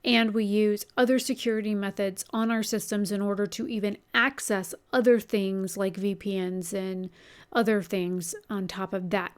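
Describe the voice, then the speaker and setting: A woman's voice: medium pitch, fairly even intonation, normal speed, smooth. A woman who works as a customer service agent, chatting candidly in a storytelling vlog and swearing now and then.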